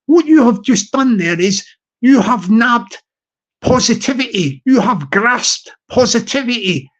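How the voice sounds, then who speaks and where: A man's voice: very high-pitched, animated, a little slow, dull audio. A man hosting a live stream, rambling in casual chat, repeating himself with an upbeat, ship-captain pep talk.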